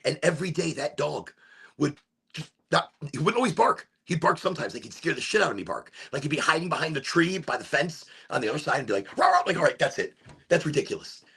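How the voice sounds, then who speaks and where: A middle-aged man from Chicago telling a rambling story on a live stream, animated and swearing, with sudden shouts when he acts out voices. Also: fairly high pitch, fast. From Chicago, USA. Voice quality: gravelly and husky. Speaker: streamer hosting a smoke session.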